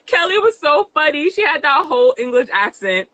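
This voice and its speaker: Bright-toned woman chatting a TV recap. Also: sing-song, fairly quick, hardly any pauses, rough recording. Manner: chatty, laughs often, shrill when quoting. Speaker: co-host. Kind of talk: casual recap chat.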